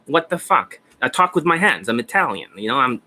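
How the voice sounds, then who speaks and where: A man gives dating advice in a loose, rambling livestream, and he swears constantly as he talks. His voice is bright and forceful, at a middle pitch. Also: sing-song, a little fast. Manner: rambling, profane, often laughing. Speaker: dating coach. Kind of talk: casual rambling livestream talk.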